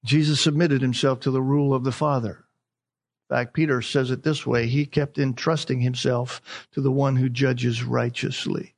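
A man's voice: medium pitch, little pitch movement, moderate pace, gravelly. A man preaching a sermon as a pastor, emphatic, repeating key phrases and asking rhetorical questions.

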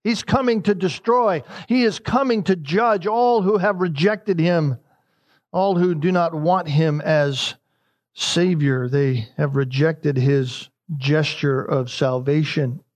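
A man preaching a sermon in a high voice. He is emphatic and repeats his key lines. His pitch climbs even higher when he stresses a point. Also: takes it slowly. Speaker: pastor.

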